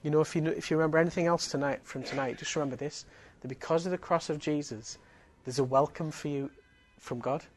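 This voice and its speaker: A man's voice: on the high side, steady tone, fast, few pauses. A man giving a sermon, earnest and emphatic, driving points home with repeated phrases. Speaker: preacher.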